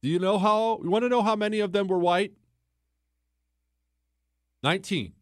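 A man's voice: sits high, moderate pace, no room sound, studio quality. A man hosting a talk show monologue, telling a story in a conversational way and quizzing listeners with emphatic questions. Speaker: host.

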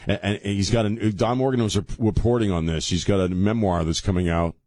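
A man's voice: lowish voice, quick pace, few pauses, a little mellow, no echo. A man hosting a talk radio show from a studio, joking and sarcastic in a rambling, casual way. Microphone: studio microphone.

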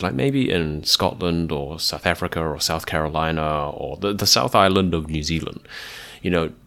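Podcast host, male, lowish voice, dry close recording; patient explainer who spells things out. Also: no room sound. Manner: explains patiently, spells out words, demonstrates sounds. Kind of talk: conversational explainer monologue.

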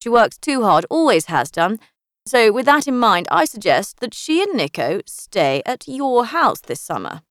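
A woman's voice: on the high side, very animated, unhurried, fairly bright tone, no echo, clean studio sound, pitched above the performer's own voice. A woman doing a prim, disapproving older mum. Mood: tart, matter-of-fact. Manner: crisp, matter-of-fact, faintly reproachful. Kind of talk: audiobook character voice.

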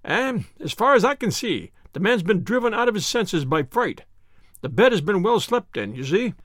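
A man's voice: high-pitched, very animated, normal speed, fairly bright tone, dry recording, studio quality, heavily acted. A man voicing a hearty, self-assured police inspector with a matter-of-fact manner.

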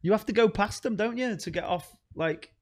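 Play a male comedian guesting on a podcast, chatting in blunt, sweary banter full of quick asides. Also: high-pitched. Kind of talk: casual chat.

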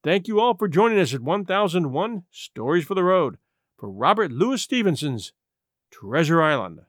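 A man narrating a classic adventure story in a theatrical, expressive reading style. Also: on the high side, moderate pace, no room sound. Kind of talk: scripted audiobook narration.

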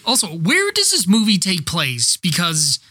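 A man's voice: sits high, wildly swooping pitch, unhurried, pushed and bright. A man co-hosting a casual movie podcast, rambling and giggling as he talks. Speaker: podcast co-host. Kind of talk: casual movie-review chat.

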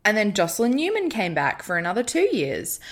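A woman's voice: medium pitch, huge pitch swings, brisk. A woman with an Australian accent co-hosting a casual podcast, reading from notes and adding blunt, sweary asides. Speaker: podcast co-host. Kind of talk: casual chat.

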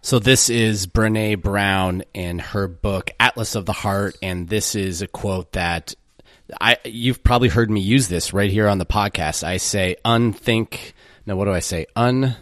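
Laid-back lower-voiced man hosting a podcast. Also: a little slow, a bit bright, no echo, studio quality. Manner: loose and reflective, self-correcting. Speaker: podcast host. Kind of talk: casual solo podcast commentary.

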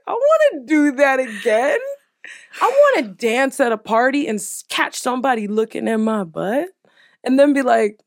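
Loud playful woman cussing and laughing, kinda high voice, dry close sound. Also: big pitch swings, normal speed, gravelly, dry recording. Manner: brash, profane and playful, laughing often. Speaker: podcast co-host. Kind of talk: casual chat.

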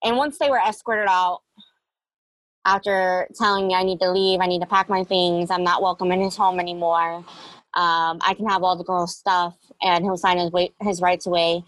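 A woman's voice: lowish voice, steady tone, normal speed, fairly bright tone, dry recording, low-quality recording. Young woman guest, candid storyteller, reflective, dry close mic. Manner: candid, reflective, with frequent fillers. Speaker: interview guest. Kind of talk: personal storytelling interview.

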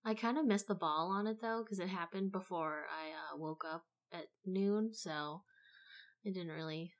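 A woman's voice: lowish voice, normal speed. A woman co-hosting a podcast in casual chat, blunt and sarcastic, swearing freely. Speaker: podcast co-host.

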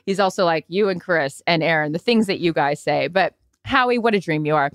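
A woman co-hosting a podcast in a bubbly, chatty way, full of quick asides. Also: lowish voice, no echo, clean studio sound. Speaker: podcast co-host. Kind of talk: casual chat.

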